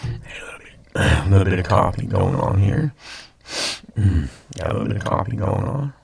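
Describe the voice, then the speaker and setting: An older man with stuffed-up, sniffly sinuses talks to his computer webcam at home late at night, his low voice expressive and darkish with vocal fry and a breathy edge, at normal speed. He rambles casually, repeats himself, and throws in jokes at his own expense.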